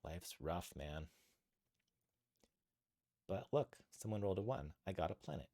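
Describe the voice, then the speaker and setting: Low-voiced guy streaming board games, chatty, talks thru his moves, dry close sound. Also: lively intonation, measured pace, warm tone, dry recording. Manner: chatty, thinks aloud over game moves. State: a little out of breath at times. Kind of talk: casual live-stream chat while playing.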